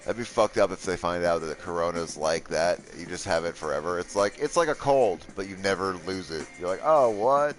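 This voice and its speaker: A man's voice: low-pitched, a little fast, hardly any pauses, faint music behind. A man streaming gameplay live and joking sarcastically with his chat while he builds.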